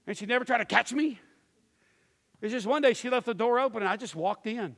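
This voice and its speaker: Folksy preacher in his fifties, high voice. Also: brisk. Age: 50s. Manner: folksy storytelling with animated acted-out quotes. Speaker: pastor. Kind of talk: sermon. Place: church sanctuary. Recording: long hall reverb.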